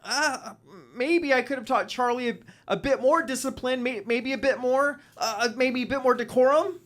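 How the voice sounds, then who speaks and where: A man's voice: extremely high pitch, normal speed, pitched above the performer's own voice. A man doing a bleeding, sobbing rocker vampire. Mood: pained pleading. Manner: pained, crying shouts. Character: frantic, wounded male vampire rocker.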